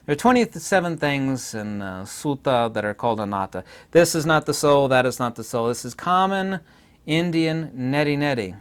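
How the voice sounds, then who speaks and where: A man's voice: medium pitch, expressive, normal speed, smooth. Emphatic man lecturing with insistent repetition. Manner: frequent hesitations with uh and restarts. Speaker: lecturer on philosophy. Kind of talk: unscripted spoken lecture.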